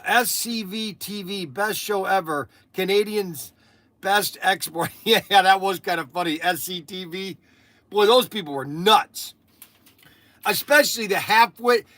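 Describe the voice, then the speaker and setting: A man's voice: sits high, unhurried, bright, forceful tone, no room sound. A man hosting a casual livestream, talking in a chatty, rambling way, laughing often and restarting his sentences. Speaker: livestream host.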